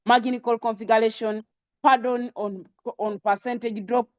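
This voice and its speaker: Here a trading teacher with a Ugandan accent leads a live web lesson about trading settings, hammering home key terms repetitively and asking her audience questions. She speaks at a normal speed in a slightly high, steady, somewhat mellow voice, captured on dull audio.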